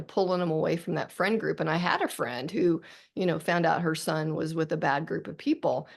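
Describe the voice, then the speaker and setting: A woman's voice: fairly low pitch, vocal fry. A middle-aged woman, an author guest on a podcast interview, talking earnestly and reflectively with frequent restarts.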